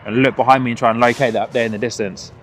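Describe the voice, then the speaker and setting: A man hosting a live plane-spotting stream outdoors at an airport, chatting with viewers in a rambling way, with many fillers and restarts, and excited by good landings. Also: medium pitch, racing. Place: outdoors at an airport viewing spot. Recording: outdoor traffic noise. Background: outdoor traffic and ambience.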